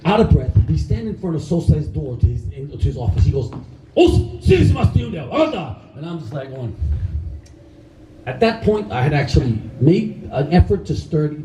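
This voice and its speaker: Animated middle-aged man telling stories on stage. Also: a little high. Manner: animated, casual, swears freely. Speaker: storyteller on stage. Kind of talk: live stage storytelling. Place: stage in a large hall. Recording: roomy hall, mic at a distance, faint noise.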